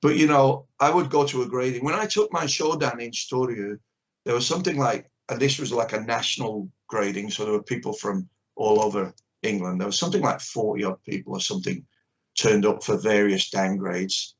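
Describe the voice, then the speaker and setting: Brisk and lowish in voice, an older karate teacher holds a candid video call interview, speaking bluntly with strong views. He plays out little back-and-forths, and the sound is dull and lo-fi.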